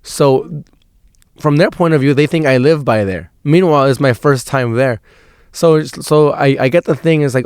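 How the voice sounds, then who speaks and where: This clean, dry studio recording has a young man with a mid-range, darkish, clean voice hosting a podcast at a moderate pace. He tells a rambling, casual story full of slang, swearing, and plenty of "dude."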